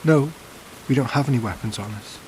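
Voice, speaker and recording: A man's voice: mid-range voice, a little fast, slight background noise, close to an everyday voice, poor audio. A man voicing a cold, eerie younger boy. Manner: flat, insistent demands.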